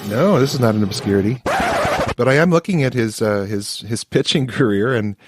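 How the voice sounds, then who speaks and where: A man co-hosting a podcast who talks in a halting, curious way and often restarts his sentences. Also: mid-range voice, very noisy. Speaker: podcast co-host. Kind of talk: casual podcast chat.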